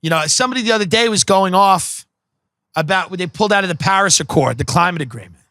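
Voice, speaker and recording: A man's voice: high voice, expressive, fast talker, sharp tone, no room sound, studio quality. A man hosting a podcast, delivering a profane, sarcastic comedic rant that mocks the people he describes. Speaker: podcast host.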